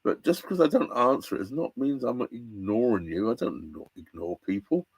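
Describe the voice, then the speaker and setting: A man's voice: medium pitch, a little fast, gravelly, breathy edge, no room sound. Chatty English man, dry close sound. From England. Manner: rambling, chatty, with restarts and animated outbursts. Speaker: narrowboat live-streamer. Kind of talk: casual live-stream chat. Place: inside a narrowboat cabin.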